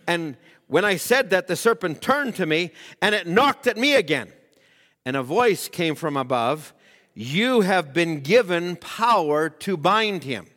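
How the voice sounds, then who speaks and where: A man preaching with a high-pitched voice, recounting a story at length and rising into fervent, emphatic cries. His voice rings out with the long reverb of a large hall. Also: bright, forceful tone. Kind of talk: sermon.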